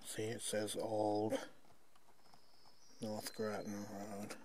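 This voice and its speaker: Against a noisy background, an older hiker with a low, monotone voice speaks extremely slowly while filming himself on a forest trail. Using a handheld camera mic, he rambles, pokes fun at himself, and chuckles through the casual vlog.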